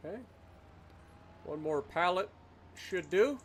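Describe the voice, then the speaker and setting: Man, livestream gameplay commentary, rambling and chatty, slightly high-pitched voice. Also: lively intonation, takes it slowly, a little hiss or hum. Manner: chatty, rambling, talks to chat while playing.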